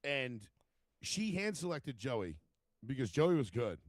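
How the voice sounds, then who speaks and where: Profane, animated New man. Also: mid-range voice, slow pace, no echo. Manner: profane, animated storyteller acting out quotes. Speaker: podcast co-host. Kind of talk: casual chat, storytelling.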